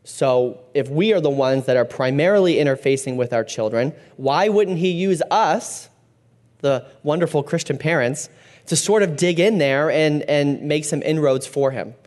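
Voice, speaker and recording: A man in his thirties leads a casual faith talk for a small group. He rambles, starts over often and fills pauses with "um" and "like," with a voice of middling pitch. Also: a little mellow. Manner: rambling, many fillers and restarts. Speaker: church group leader.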